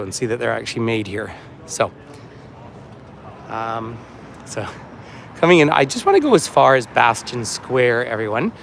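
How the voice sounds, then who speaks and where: A man's voice: mid-range voice, creaky. Guy doing a walking tour livestream outside, rambly and chatty, faint street noise behind. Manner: chatty, rambling, reads out viewer comments. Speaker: tour guide. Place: outdoors on a city waterfront street.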